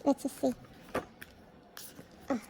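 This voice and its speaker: A woman unboxing albums on a casual vlog, gushing excitedly and gasping at each card she pulls. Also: takes it slowly, soft background music.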